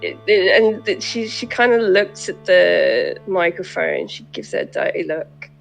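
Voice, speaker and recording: A woman's voice: medium pitch, animated, measured pace, creaky, soft background music, rough recording. A woman player in a tabletop game, casually describing her character and laughing and swearing as she goes.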